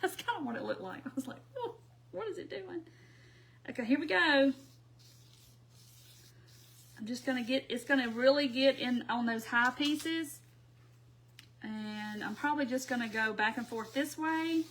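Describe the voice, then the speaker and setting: A woman's voice: on the high side, normal speed, long pauses, fairly bright tone. A woman, hosting a casual craft livestream from home, chatting and laughing with her viewers while she paints. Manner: chatty, laughs often, talks to viewers as y'all.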